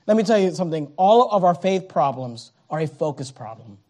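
A male preacher giving a sermon, dramatic and swinging between loud declarations and hushed asides. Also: high voice, animated, fairly quick.

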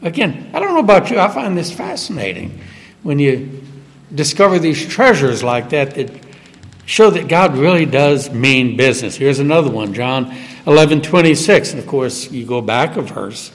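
A man's voice: medium pitch, big pitch swings, moderate pace, long reverb tail. A man preaching a sermon, quoting scripture with strong emphasis and lifting his voice on the verses. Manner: emphatic, rising sharply on quoted verses.

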